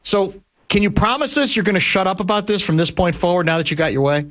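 A man's voice: high-pitched, expressive, fast, fairly bright tone. A man hosting a sports radio show, needling his guest in teasing banter. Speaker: radio host.

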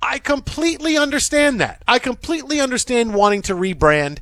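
Lively high-voiced radio host. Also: male voice, a little fast, no echo. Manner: animated, laughs often, acts out quoted voices. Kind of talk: sports radio banter. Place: radio studio.

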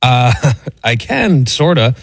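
A man's voice: mid-range voice, very animated, slow pace, vocal fry, dry recording. A man on a sports radio crew, easygoing, reading out a menu in casual chat. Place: radio studio.

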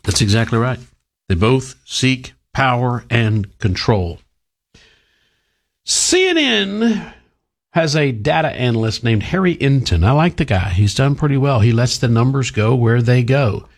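A man's voice: medium pitch, normal speed. A man hosting a talk radio show, giving sarcastic, opinionated commentary. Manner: sarcastic, mocking.

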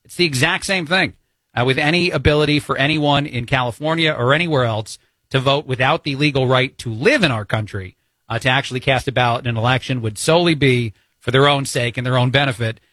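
A man's voice: mid-range voice, brisk, sharp tone, no echo. A man with a New Jersey accent filling in as a talk radio host, giving opinionated, chatty commentary with many fillers into a studio mic.

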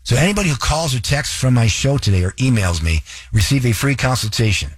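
Husky male radio host. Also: medium pitch, sing-song, no echo. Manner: direct, coaching, repeats numbers slowly. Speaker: radio show host, fitness coach. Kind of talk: radio talk with ad read.

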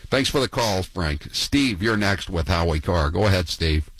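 A man's voice: low-pitched, lively intonation, normal speed, fairly bright tone, no room sound, rough recording. A man hosting a call-in radio show, telling wry, gossipy, rambling stories to callers. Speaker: talk radio host.

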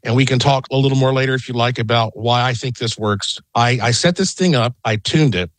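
Calling in from his home in Las Vegas, a middle-aged man appears as a guest on a radio interview and tells an excited, rambling story. His voice is medium-pitched and brisk, and the recording is dry.

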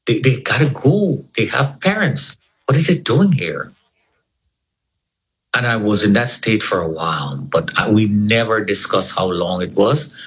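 A man giving an earnest personal testimony in an interview, quoting scripture and rising in pitch when moved. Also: expressive, unhurried, low-quality recording. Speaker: interview guest.

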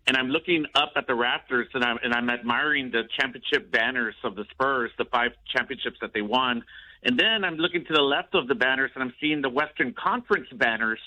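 A man calling in to a radio show, sharing a stat in a rambling, halting way. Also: medium pitch, bright, forceful tone, low-quality recording. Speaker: caller. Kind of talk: casual call-in chat.

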